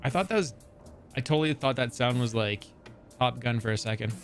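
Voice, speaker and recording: A man hosting a live gaming stream, chatting casually and excitably, with strong opinions. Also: mid-range voice, a little fast, soft background music. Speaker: livestream host.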